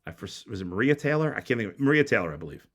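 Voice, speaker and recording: Heated, animated sports talk man. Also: lowish voice, racing, lo-fi sound. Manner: blunt and heated, stumbling restarts. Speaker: sports talk show host. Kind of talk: opinionated sports radio rant.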